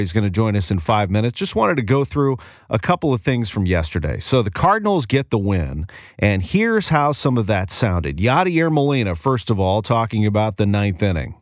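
A man's voice: on the low side, very animated, dry recording. Enthusiastic male sports radio host, dry studio. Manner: brisk, enthusiastic run-through of scores and schedules. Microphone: studio microphone.

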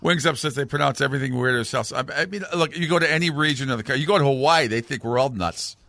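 A man co-hosting a sports radio show, excitable and laughing often as he tells stories. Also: mid-range voice, quick pace, vocal fry, no room sound, studio quality. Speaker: radio co-host.

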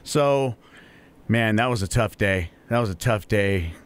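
A man's voice: fairly low pitch, unhurried, smooth. A man, co-hosting a morning show in a laid-back, jokey way. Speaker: radio show co-host. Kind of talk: casual morning show chat.

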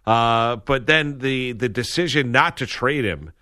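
A man co-hosting a sports talk show, talking in an animated, opinionated way with lots of emphasis. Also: mid-range voice, measured pace. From grew up a Washington football fan.

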